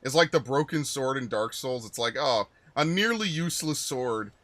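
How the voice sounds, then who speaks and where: A man's voice: mid-range voice, lively intonation, moderate pace, fairly bright tone, no echo. A man streaming a game, chatting casually and rambling with frequent swearing and asides. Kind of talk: casual gameplay commentary.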